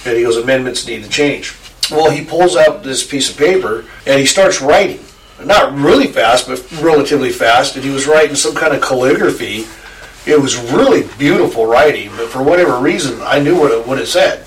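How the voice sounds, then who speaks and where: A man's voice: mid-range voice, fairly quick. A man telling a rambling story to a friend, laughing and swearing casually. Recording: echoey room, distant mic, faint noise.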